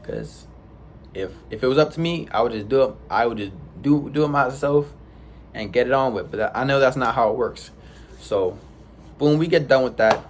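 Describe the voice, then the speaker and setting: A young man tells a story from his own life in a loose, casual way. He restarts his sentences often and drops in sound effects as he goes, at a mid pitch. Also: moderate pace, a little hiss or hum. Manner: rambling, restarts, sound effects like boom and bow. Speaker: vlogger.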